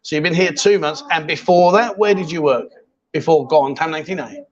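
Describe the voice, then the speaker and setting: A man's voice: fairly high pitch, a little fast, muffled recording. Jokey man hosting a chat show. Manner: jokey, chatty, teasing, repeats himself. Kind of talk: casual live-stream chat. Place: bar in Thailand.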